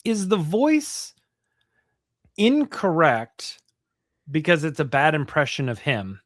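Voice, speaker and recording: A man's voice: on the high side, wildly swooping pitch, takes it slowly, a bit bright, dry recording, clean studio sound. A man co-hosting a podcast who muses aloud in casual chat and asks questions with lots of hedging fillers. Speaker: podcast co-host.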